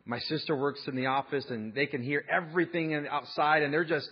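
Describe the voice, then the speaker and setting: A man's voice: fairly high pitch, fairly even intonation, brisk, few pauses, husky, dull audio. A man preaching a sermon, conversational and emphatic, mixing scripture with personal stories. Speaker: pastor.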